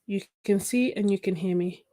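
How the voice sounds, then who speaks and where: Painting live at her home desk, this woman talks into a phone mic in a warm, medium-pitched voice at normal speed. As an art livestreamer, her chat is loose and rambling, full of fillers and restarts, and she laughs frequently.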